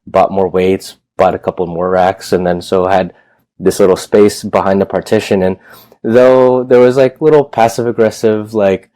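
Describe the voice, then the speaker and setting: A gym owner in his thirties, appearing as an interview guest, tells his story in a low, mellow voice recorded dry and close. His telling is loose and rambling, doubling back on itself with the occasional swear.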